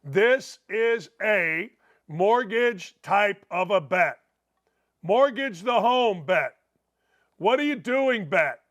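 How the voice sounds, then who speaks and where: A middle-aged man hosting a sports talk show, rambling and excitable, breaking into loud shouts as he talks betting. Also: high voice, takes it slowly.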